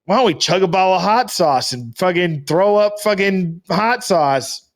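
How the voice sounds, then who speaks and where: A man co-hosting a podcast in casual, excitable chat, swearing freely. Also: high voice, normal speed. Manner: excitable, swears a lot, jumps into voices. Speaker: podcast co-host. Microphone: video call camera.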